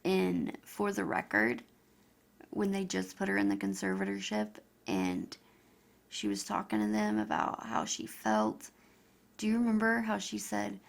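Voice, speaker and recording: A woman's voice: mid-range voice, very animated, measured pace, creaky. A woman vlogger talking emotionally and chattily to her viewers. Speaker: YouTuber. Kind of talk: casual vlog commentary.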